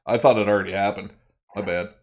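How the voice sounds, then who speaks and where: A man playing a tabletop game, relaxed and a little hesitant in his speech. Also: lowish voice, fast talker. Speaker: player. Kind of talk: casual tabletop role-play.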